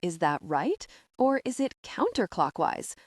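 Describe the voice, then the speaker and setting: A woman's voice: on the low side, very animated, a little slow, slightly rough, no room sound, heavily acted. Woman reading friendly businesswoman, gracious, accommodating, dry close sound.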